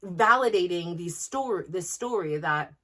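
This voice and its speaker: A woman in her forties hosting a podcast, telling a personal story in a casual, animated way, laughing often and restarting her sentences. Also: lowish voice, a little slow. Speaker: podcast host.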